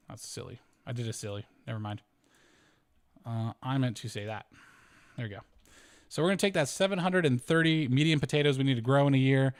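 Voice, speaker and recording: Man thinking aloud over a spreadsheet. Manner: thinks aloud, self-correcting, chuckling, pitch swinging up and down. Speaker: homesteading channel host. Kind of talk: casual spreadsheet walkthrough.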